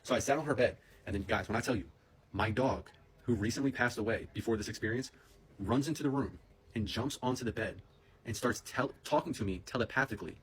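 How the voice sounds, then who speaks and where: A young man telling a personal story in a casual, excitable, rambling way, full of slang and fillers, into a phone camera. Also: medium pitch, a little fast.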